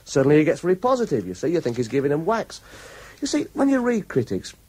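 Gleeful radio man, husky. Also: a little high, wildly swooping pitch, fast talker, mellow, dry recording. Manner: gleeful, mocking, chuckles often. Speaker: radio show regular, review commentator. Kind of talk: chatty radio talk, reading reviews aloud. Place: radio studio.

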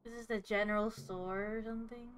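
A woman's voice: fairly high pitch, steady tone, fairly quick, a little hiss or hum. A woman streamer playing a detective game, reading lines with a dry, playful tone and laughing often.

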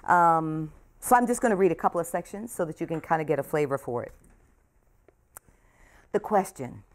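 An older woman, an author addressing a bookstore audience and reading from her memoir, soft-spoken and emotional, her voice trailing off at the ends of phrases. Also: sits low, lively intonation, normal speed. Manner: warm, emotional, speaks softly and trails off. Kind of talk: author talk and book reading. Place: bookstore event room.

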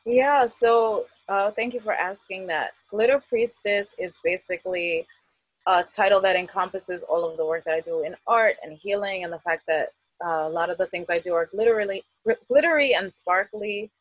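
A woman's voice: mid-range voice, normal speed, no room sound, rough recording. A middle-aged woman with a Queens accent, chatting in a video-call interview, laughing often and using many fillers. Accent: New York, Queens. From United States. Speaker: festival artist guest. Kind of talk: casual interview.

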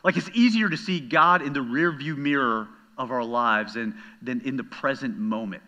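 Middle-aged pastor guy giving a sermon, super bright tone, goes from soft to loud telling stories. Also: mid-range voice, normal speed, dull audio. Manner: earnest, swings from hushed to loud storytelling.

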